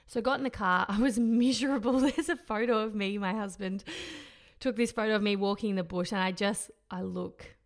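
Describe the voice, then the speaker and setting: A woman's voice: medium pitch, fairly even intonation, fairly quick. A woman, candidly telling her own story, laughing often and rambling with fillers.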